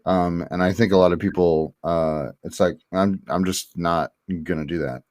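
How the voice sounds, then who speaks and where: Low-voiced candid man, dry sound. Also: fairly even intonation, moderate pace, darkish tone, no echo. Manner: candid, rambling with many fillers. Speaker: host. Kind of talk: casual livestream chat.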